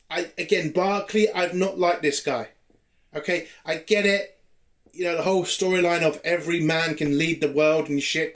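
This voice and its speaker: A man's voice: fairly high pitch, a bit bright. A man from the UK giving a ranting TV episode review, exasperated and heavily profane throughout.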